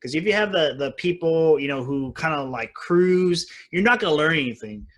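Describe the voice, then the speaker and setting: An American podcast host chats in a relaxed way, dropping "like" as he goes. His voice is bright and forward, pitched a little high. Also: moderate pace. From United States. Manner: relaxed, filler "like". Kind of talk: casual chat.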